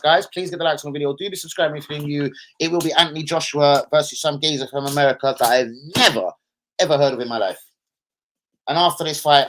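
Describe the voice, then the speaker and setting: A man's voice: fairly high pitch, a bit bright. A man hosting a football live stream, rambling casually, swearing and bantering with his viewers.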